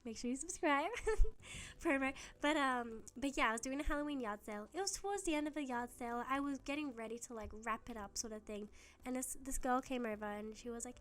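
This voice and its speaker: A woman's voice: high voice, a little fast, fairly bright tone. A young woman telling a casual story, chatty, laughing often and acting out both sides of the talk. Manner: chatty, laughs often, quotes herself in dialogue. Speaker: gaming YouTuber. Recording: faulty mic audio.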